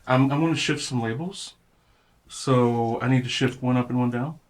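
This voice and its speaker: A man playing a tabletop role-playing game, giving animated, vivid descriptions of his character. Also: mid-range voice, moderate pace. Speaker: player.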